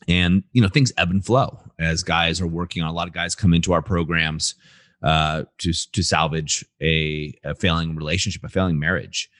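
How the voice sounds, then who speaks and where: A man's voice: deep voice, fairly bright tone, no room sound, clean studio sound. A man from California hosting a podcast in an upbeat, easygoing chat with lots of fillers. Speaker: podcast host.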